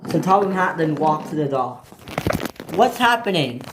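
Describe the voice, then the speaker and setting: A narrator telling an improvised toy train story, halting, with restarts. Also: medium pitch, background noise.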